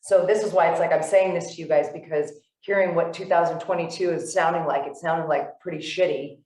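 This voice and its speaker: A low-pitched woman talks through a casual podcast chat, animated and loose, full of "like"s and restarts. She sits well back from the mic, and the room rings around her. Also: brisk, echoey room, distant mic, rough recording. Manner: animated storyteller, many "like"s and restarts. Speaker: podcast co-host. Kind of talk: casual conversation.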